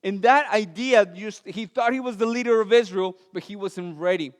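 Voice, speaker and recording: A male pastor speaking non-native English with a Latin American accent preaches at normal speed in a church sanctuary. He blends sincere storytelling with mild self-deprecating humor, going soft and low for heavy moments, and the sound carries long church-hall reverb.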